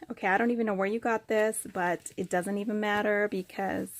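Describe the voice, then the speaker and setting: A woman's voice: mid-range voice, fairly even intonation, normal speed. A woman vlogger opening craft mail, gushing, gasping and squealing with delight as she talks to the camera. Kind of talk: excited unboxing chat to camera.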